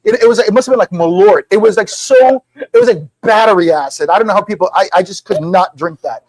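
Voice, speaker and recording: Fast-talking high-voiced man telling stories. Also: no room sound, low-quality recording. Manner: animated storyteller who acts out quoted dialogue. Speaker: whisky brand founder, guest. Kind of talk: casual storytelling at a live tasting. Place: liquor store, indoors.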